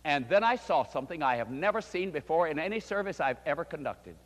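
A man's voice: fairly high pitch, animated, fast talker. An older man, a pastor, preaching a storytelling sermon with fervent emphasis. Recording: long hall reverb.

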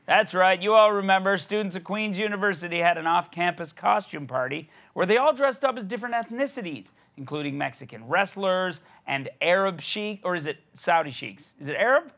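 A man's voice: high voice, animated, brisk, few pauses, fairly bright tone. A man in a satirical comedy sketch, arguing sarcastically with himself in a mock-indignant back-and-forth. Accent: Canadian.

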